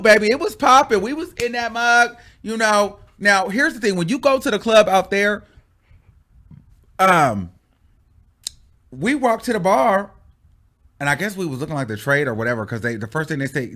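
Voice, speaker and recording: A man on his channel telling a story time monologue casually, animated, dramatic and full of exclamations. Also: high voice, moderate pace. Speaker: YouTube storyteller.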